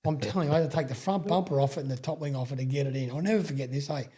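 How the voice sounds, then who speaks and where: A middle-aged man with an Australian accent spins long, rambling stories in casual talk. His voice is husky and darkly mellow, and he swears freely and stumbles back over his own sentences. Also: a little high, rapid-fire. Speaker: guest, sprintcar racing veteran. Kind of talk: casual storytelling interview.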